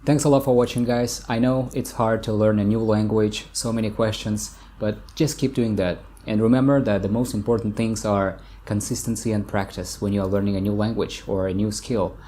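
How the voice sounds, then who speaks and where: A young man with a Tajik accent teaching vocabulary, repeating each word slowly and patiently. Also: lowish voice, steady tone, dark tone, slight background noise. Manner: slow, patient repetition of words. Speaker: language teacher. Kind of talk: vocabulary lesson.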